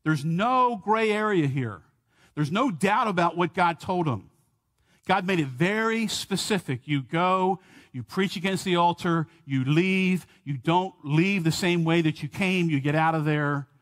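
A middle-aged male pastor delivers an expository sermon from the pulpit. His voice sits fairly high for a man, and he preaches with earnest emphasis, asking the congregation questions and driving each point home. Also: a little slow, a bit bright.

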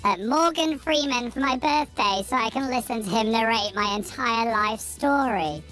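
A man on a radio show with his voice pitch-shifted up by the desk, sounding childlike and self-conscious. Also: moderate pace, sharp tone, soft background music. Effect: pitch-shifted higher. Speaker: radio co-host.

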